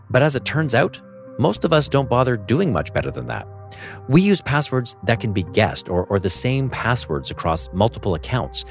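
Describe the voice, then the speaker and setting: Male podcast host, lowish voice with a very animated delivery, wry storyteller, faint music under him. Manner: lively storytelling, self-mocking humor. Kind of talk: scripted narration and casual chat.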